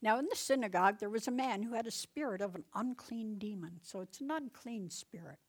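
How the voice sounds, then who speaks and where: Middle-aged lady teaching scripture, chatty, laughs a lot, gets loud on the commands, mid pitch. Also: fairly quick. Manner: chatty, laughs often, punches up commands with sudden loudness. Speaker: Bible teacher and deliverance minister. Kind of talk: casual Bible teaching with personal stories.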